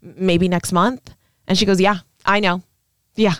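Woman telling a story, clear dry voice. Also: mid-range voice, steady tone, a little slow, fairly bright tone, no echo. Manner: emotional storytelling, acts out quoted lines. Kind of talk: casual podcast conversation. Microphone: studio mic.

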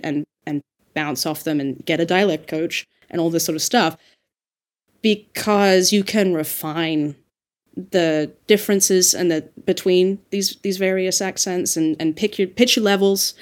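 A woman's voice: lowish voice, fairly even intonation, measured pace, darkish tone. A woman dialect coach speaking as a podcast guest, thinking aloud in an earnest, emphatic way. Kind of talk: podcast conversation.

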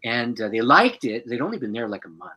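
A man who is a pastor, an animated storyteller who laughs often as a guest on a podcast. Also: medium pitch, brisk, a little hiss or hum, low-quality recording.

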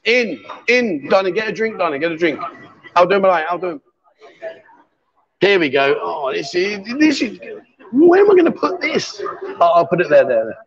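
A man's voice: high voice, sing-song, moderate pace, dull audio. A man in his fifties hosting a casual livestream from a busy bar, bantering and teasing his guests while holding a handheld microphone. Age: 50s. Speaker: livestream host. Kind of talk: casual chat.

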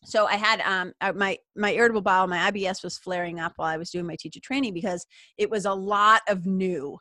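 A woman's voice: medium pitch, fairly even intonation, fast talker, sharp tone, no room sound. A middle-aged woman hosting a casual spiritual talk show, chatty and upbeat. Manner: chatty and upbeat, peppered with "like" and laughs. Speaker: podcast host.

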